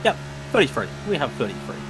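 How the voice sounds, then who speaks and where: A man's voice: medium pitch, fast, noisy background. A man from the West Country with a West Country English accent, chatting casually as co-commentator on a sim race broadcast. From West Country, England. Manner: chatty, animated storyteller.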